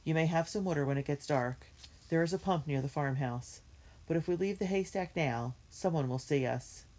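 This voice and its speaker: A woman voicing a calm, responsible older brother who takes charge, in a storybook reading. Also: low-pitched, normal speed. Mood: firm.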